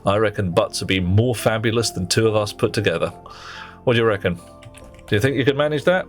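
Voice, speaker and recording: A man with a fairly low voice chats on a live game stream. He teases his viewers in a playful, cheeky way, then drifts into muttering to himself about what he needs next. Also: quick pace, soft background music. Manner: playful, teasing banter with viewers; talks to himself while working. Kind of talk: casual live-stream chat while playing.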